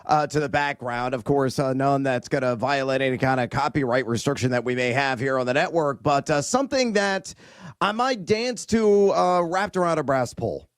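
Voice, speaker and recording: A man's voice: medium pitch, normal speed, no room sound. A man appearing as a guest betting analyst, playful and hammy, running through stats for his picks. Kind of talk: casual live show chat.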